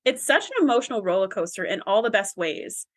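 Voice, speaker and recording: A woman's voice: mid-range voice, lively intonation, brisk, dry recording, clean studio sound. A woman co-hosting a podcast, talking through a TV episode in an earnest, thoughtful and enthusiastic way. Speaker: podcast co-host. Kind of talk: casual chat about a TV episode.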